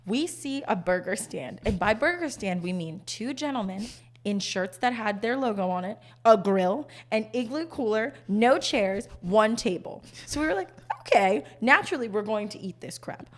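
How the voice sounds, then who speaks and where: A woman's voice: medium pitch, moderate pace. A young woman co-hosting a podcast, telling a story in casual chat and using "like" a lot. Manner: animated storytelling with lots of "like". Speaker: podcast co-host.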